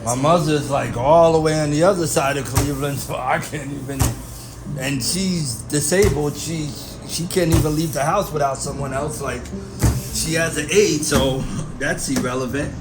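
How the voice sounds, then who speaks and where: A man's voice: fairly high pitch, normal speed, over music, lightly acted. A man playing a worried father accused of murder in an amateur audio drama, defensive and stammering, repeating himself. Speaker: suspect under interrogation. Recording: noisy amateur recording with ambience.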